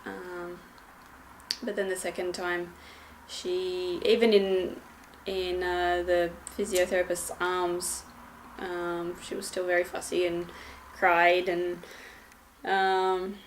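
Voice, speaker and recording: A woman's voice: lowish voice, flat delivery, slow pace, slight background noise. A young woman and new mother giving a casual vlog update at home, hesitant, with many ums and restarts.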